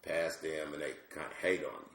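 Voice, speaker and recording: A middle-aged male comedian telling animated, slangy stories as a podcast guest. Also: extremely low pitch, normal speed, a little hiss or hum. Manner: animated, slangy, lots of asides. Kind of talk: comic storytelling on a podcast. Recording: roomy echo.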